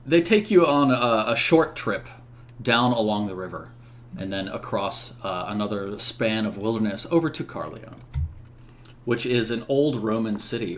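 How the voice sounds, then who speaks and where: A man's voice: on the low side, a little hiss or hum. A man narrating a tabletop role-playing game as game master, rambling with many fillers.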